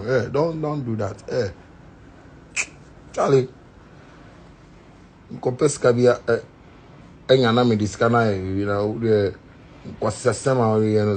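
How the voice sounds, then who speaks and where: A man's voice: medium pitch, darkish tone, a little hiss or hum. A man with a Ghanaian accent, ranting and mocking a critic in a video, mixing Pidgin with Twi phrases in sing-song jeers. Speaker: musician answering a critic. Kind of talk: ranting social media video.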